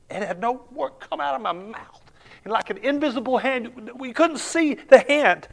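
A man preaching a sermon, telling a story, swinging from hushed murmurs to emphatic shouts. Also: high-pitched, animated, normal speed, creaky.

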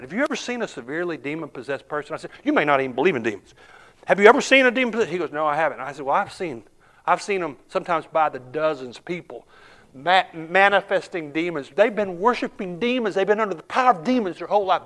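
A man preaching a sermon, telling a story, swinging from hushed murmurs to emphatic shouts. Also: on the high side.

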